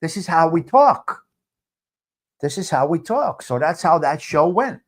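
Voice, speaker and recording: A brash middle-aged man runs a live chat stream, teasing his viewers. His voice sits high for a man and swings widely up and down as he jokes. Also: sing-song, a little slow. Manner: brash, teasing, street-wise banter.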